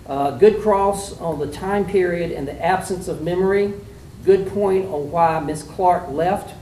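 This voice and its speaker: A man with a fairly high but dark-toned voice delivers folksy, plainspoken feedback to students at a measured pace, much like a mock trial judge, with frequent "uh"s and "um"s. He's recorded at a distance in a spacious, echoing room carrying a faint hiss of room noise.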